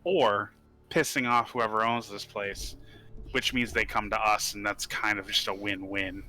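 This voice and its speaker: A man's voice: on the low side, steady tone, unhurried, bright, forceful tone, soft background music, rough recording. A man playing a tabletop game, chatting casually in a rambling, jokey way.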